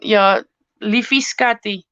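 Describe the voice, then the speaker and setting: A craft channel host with a medium-pitched, slightly bright, clean voice speaks slowly during a live-stream tutorial from her home studio. She rambles and giggles while cutting paper. There's no echo, and the recording is dull, lo-fi and dry.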